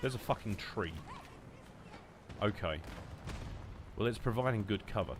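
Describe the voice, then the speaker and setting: A man's voice: fairly low pitch, animated, a little slow, background noise. Nasal, sweary British man streaming. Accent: British English. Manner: rambling, sweary, joking asides to chat. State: blocked nose, nasal. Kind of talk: casual live-stream chatter while gaming. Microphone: headset.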